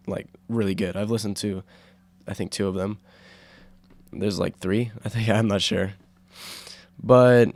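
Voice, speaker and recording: A young man hosting a casual solo podcast, rambling with fillers and restarts, his throat sore from yelling. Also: lowish voice, dry recording. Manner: rambling, full of fillers and self-corrections. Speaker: podcast host.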